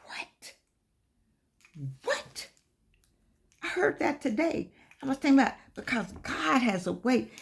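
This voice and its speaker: An older woman gives an inspirational talk with the rhythm of a preacher. She repeats key phrases and tells stories with animated energy. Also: high-pitched, normal speed, gravelly. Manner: animated preacher-like storytelling with repetition. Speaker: host.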